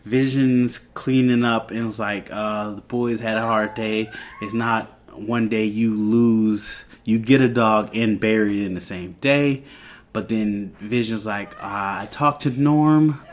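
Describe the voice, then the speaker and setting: A man's voice: on the low side, steady tone, slow. A man hosting a podcast, casually retelling a TV episode and acting out the characters' lines as he goes. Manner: rambling retelling with quoted lines. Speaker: podcast host.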